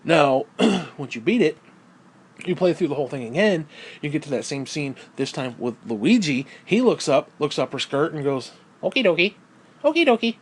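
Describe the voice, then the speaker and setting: Male ranter, slightly raised pitch, crude and heated, hammers points through repetition. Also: animated, normal speed, breathy edge. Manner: crude, heated, swears constantly; repeats phrases for emphasis. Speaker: video creator. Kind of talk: profane ranting monologue.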